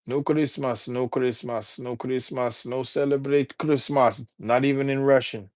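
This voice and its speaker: Man, casual livestream chat, dry close sound, mid-pitched voice. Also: fairly even intonation, unhurried, no room sound. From Alabama. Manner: chatty, greets and shouts out viewers by name. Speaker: livestreamer and rapper. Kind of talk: casual live-stream chat.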